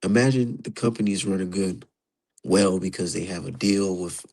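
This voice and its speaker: A man's voice: low-pitched, normal speed, vocal fry, low-quality recording. A man streaming live, giving casual, profane commentary and talking straight to his chat. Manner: profane, animated, talks to chat.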